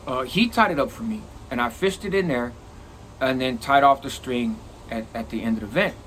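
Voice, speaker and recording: Animated man telling a prison story. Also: medium pitch, moderate pace, a little hiss or hum. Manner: animated, profane, acts out quoted lines. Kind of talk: casual storytelling.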